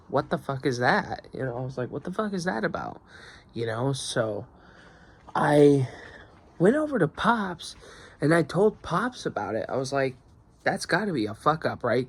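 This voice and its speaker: A man's voice: mid-range voice, vocal fry, breathy edge. A young man venting in a rambling, profane video diary about his work schedule. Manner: profane, rambling, frustrated venting with many restarts. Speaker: vlogger. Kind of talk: casual video diary rant.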